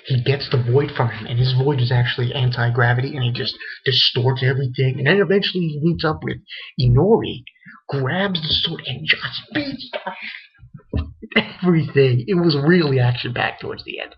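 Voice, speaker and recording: A man rambles through a casual recap of an anime episode, piling on fillers, restarts and profanity. His voice is husky and mid-pitched. The recording sounds dull and lo-fi. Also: normal speed. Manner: rambling, loose, swears a lot, many fillers. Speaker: anime reviewer.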